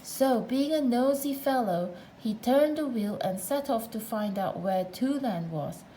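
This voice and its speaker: A woman's voice: on the high side, animated, measured pace, warm tone, a little hiss or hum, rough recording. Woman reading a storybook aloud. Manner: playful, chatty asides to the listener. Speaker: narrator.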